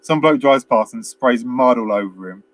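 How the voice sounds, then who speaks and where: A man's voice: mid-range voice, lively intonation, moderate pace. A man, co-hosting a casual film review chat, rambling through scenes with quoted lines and frequent laughs. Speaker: podcast co-host.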